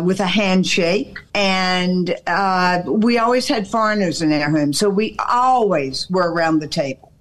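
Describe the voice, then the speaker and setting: A woman from eastern North Carolina with a Southern American accent, telling stories as a guest on a radio interview. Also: fairly low pitch. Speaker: guest author.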